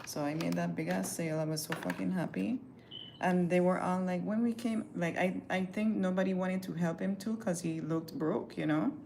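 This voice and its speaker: Woman, low gravelly voice, animated profane storytelling, livestream, faint background hiss. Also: normal speed. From Caribbean. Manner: animated, profane, chatty, acts out quotes.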